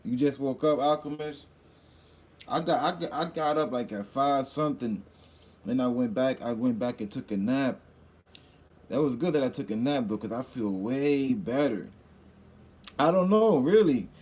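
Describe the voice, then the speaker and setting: A man hosting a casual livestream, shouting hype greetings to viewers by name and rambling in loose asides, a little hungover. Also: mid-range voice, expressive, normal speed. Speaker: livestream host.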